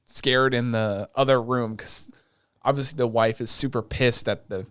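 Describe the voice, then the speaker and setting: Excitable, profane man on a podcast. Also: medium pitch, moderate pace, clean tone, dry recording. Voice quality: excitable, profane, retells scenes in quoted voices. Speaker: podcast co-host. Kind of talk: casual chat recapping an anime.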